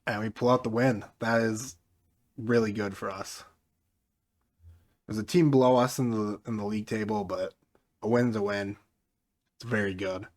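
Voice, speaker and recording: A man with a fairly low voice talks through his football management game in a relaxed, mostly monotone way. His casual commentary stays low-key. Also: moderate pace, long pauses. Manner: mostly flat and low-key, jumping up excitedly at goals; self-described monotone delivery. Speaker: gaming YouTuber.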